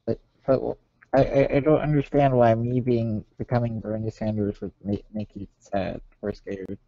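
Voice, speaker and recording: A man co-hosts a casual comedy podcast. He talks in a halting, stammering way, tripping over repeated words. His voice is mellow and dark, and the recording is dull and lo-fi. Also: on the low side, flat delivery, no echo. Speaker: podcast co-host. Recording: dull, lo-fi, dry podcast audio.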